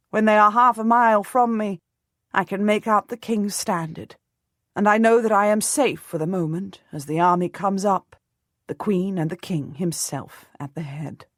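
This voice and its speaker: Female narrator for a historical novel, steady storytelling, dry booth sound. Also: mid-range voice, no room sound. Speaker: audiobook narrator. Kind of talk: first-person scripted narration of a historical novel.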